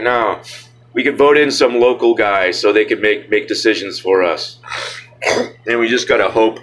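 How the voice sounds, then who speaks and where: A man's voice: lowish voice, normal speed, fairly bright tone, rough recording. A man ranting casually to his viewers in a rambling, sarcastic way, full of filler words. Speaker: vlogger. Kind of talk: casual rant to camera.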